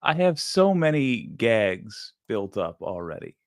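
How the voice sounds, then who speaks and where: A man's voice: lowish voice, sing-song, slow pace, few pauses, dry recording, clean studio sound. A man doing sarcastic live-stream commentary, making jokes and mocking the clip he is watching. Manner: mocking, jokey, irreverent.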